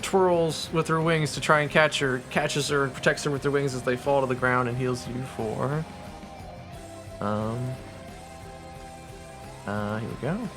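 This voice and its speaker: A man playing a tabletop game, talking quickly and eagerly about his character. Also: mid-range voice, over music. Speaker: player. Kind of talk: casual tabletop play.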